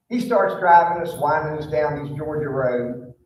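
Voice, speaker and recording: Preacher guy, high voice, folksy rambling story, big echoey hall, faint hum. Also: moderate pace. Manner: folksy, conversational with many fillers. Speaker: pastor. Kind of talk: storytelling sermon. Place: church sanctuary. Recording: echoey church hall, mic far off.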